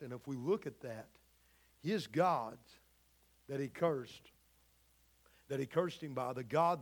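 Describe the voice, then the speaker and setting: A man's voice: high-pitched, fairly bright tone. A man preaching a sermon, pressing the same rhetorical questions again and again in a preaching cadence.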